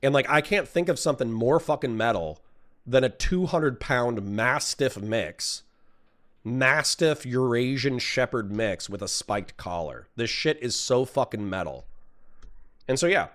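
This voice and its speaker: A man's voice: medium pitch, expressive, measured pace, a bit bright. A man ranting casually on a livestream, swearing often, rambling from idea to idea and reading chat aloud. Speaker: streamer.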